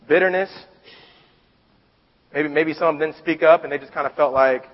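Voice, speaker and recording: A man preaching a sermon in a conversational, animated storytelling way, stumbling and restarting often. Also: on the high side, a little fast, pauses often. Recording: dull recording with long hall reverb.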